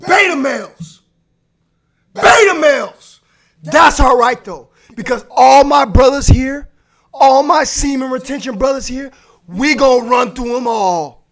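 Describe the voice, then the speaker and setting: High-pitched man ranting, shouting. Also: measured pace. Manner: aggressive profane shouting rant. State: hoarse, losing his voice. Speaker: live stream host. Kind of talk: ranting live stream. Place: home man cave.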